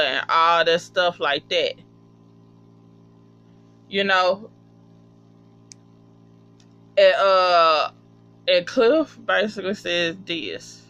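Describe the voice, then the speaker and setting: A vlogger casually recapping a TV episode, profane and animated, acting out the characters' lines. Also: mid-range voice, drawn-out words, pauses often, clean tone, lo-fi sound. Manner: profane, animated, acts out quotes. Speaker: TV episode reviewer.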